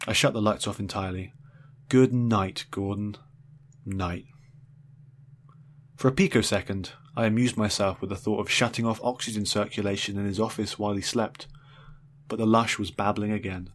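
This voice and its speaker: A man's voice: on the low side, moderate pace. Man with a wry, dry storytelling voice. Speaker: narrator. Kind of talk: first-person audiobook narration.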